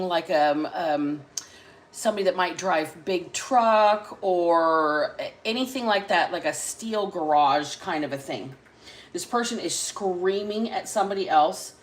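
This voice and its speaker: A woman with an everyday middle-pitched voice hosts a tarot-reading livestream. She talks in a loose, chatty way into a webcam mic, blunt and quick to swear. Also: rough recording. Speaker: tarot reader and livestream host.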